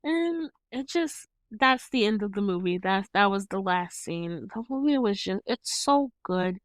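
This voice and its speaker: A woman's voice: mid-range voice, moderate pace, no room sound. A young woman casually recapping a movie on her show, acting out the scenes with lots of laughs and some swearing. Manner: animated retelling, acts out scenes, laughs often; swears freely. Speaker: host reviewing a movie. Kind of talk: casual solo commentary.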